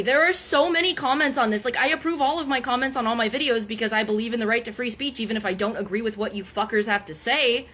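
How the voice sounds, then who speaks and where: A young woman vents to camera in an angry, exasperated rant full of swearing. Her voice sits high and gets sharper as she presses her point, though she stays steady enough to keep talking. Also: fairly quick. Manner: heated, profane, exasperated. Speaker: content creator.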